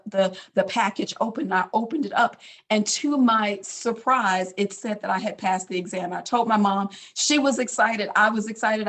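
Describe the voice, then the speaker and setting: A woman's voice: medium pitch, fairly bright tone. A middle-aged woman speaks in an ordinary mid-range voice, telling a personal story loosely and casually. She fills her talk with little asides and restarts, speaking as a doctor addressing a community audience. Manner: casual storytelling, many fillers. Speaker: physician speaker.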